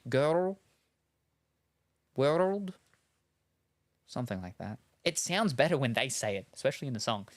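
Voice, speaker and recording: A man's voice: medium pitch, very animated, quick pace, few pauses, a bit bright. A man chatting casually while unboxing gear, rambling with lots of ums and asides. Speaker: streamer.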